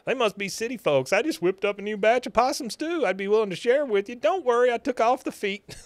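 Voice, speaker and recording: A man putting on a schlubby middle-aged guy laying on a thick backwoods drawl, pitched way up from his usual voice. He hams it up in a dry, close-sounding space. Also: expressive, fairly quick, dry recording. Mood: hammy.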